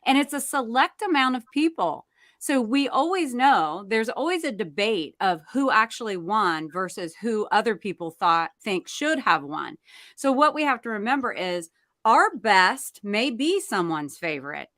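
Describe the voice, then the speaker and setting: A woman co-hosts a casual talk show in a bright, forceful voice. The sound is dry and close, and she speaks in an upbeat, encouraging way. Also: a little high, sing-song, measured pace, dry recording. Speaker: co-host.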